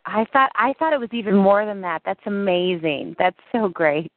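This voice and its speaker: A woman's voice: mid-range voice, moderate pace, no room sound. A woman speaking as a guest on a call-in show, bubbly, affectionate and chatty. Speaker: guest actress. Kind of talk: radio call-in chat. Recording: tinny phone line.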